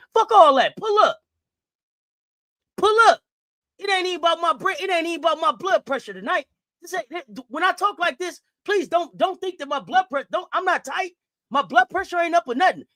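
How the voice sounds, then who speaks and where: A woman hosting a sports livestream, delivering a profane, confrontational rant with repeated challenges and shouted bursts. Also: sits high, dry recording, studio quality.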